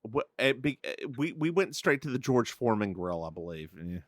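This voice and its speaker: A man's voice: mid-range voice, very animated, a little fast, no room sound, clean studio sound. A man co-hosting a podcast in casual chat, teasing his co-host and repeating phrases for laughs. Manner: teasing, playful, repeats phrases for comic effect.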